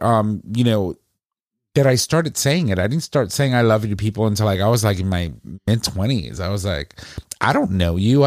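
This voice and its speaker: A man's voice: fairly low pitch, a little mellow, no echo, studio quality. A man co-hosting a podcast, talking reflectively in casual chat. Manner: reflective, conversational. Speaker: podcast co-host.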